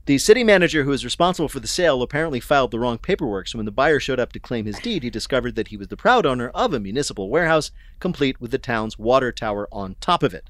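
A man hosting a news quiz, reading questions briskly and landing wry punchlines. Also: mid-range voice, big pitch swings, fairly bright tone, no echo. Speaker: quiz show host.

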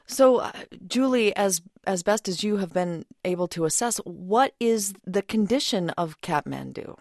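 A woman radio news host reading the lead story and questioning a correspondent in a measured, composed way. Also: mid-range voice, animated, a little mellow, dry recording, studio quality. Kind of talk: news anchoring and interview. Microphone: studio mic.

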